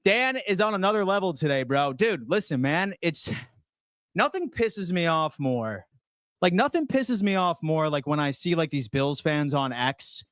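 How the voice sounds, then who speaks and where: A man's voice: high voice, very animated, unhurried, no room sound, studio quality. Fired-up man ranting about football. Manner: loud, profane, fired-up ranting. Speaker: sports channel host. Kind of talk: fan rant reading chat.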